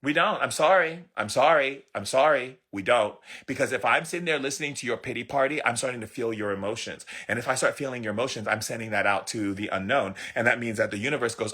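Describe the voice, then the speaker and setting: A man delivers a motivational spiritual talk with a forceful, tense edge to his voice. His tone is husky and a bit raspy. He is sassy and emphatic and hammers lines home by repeating them. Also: medium pitch, quick pace, hardly any pauses. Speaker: spiritual teacher.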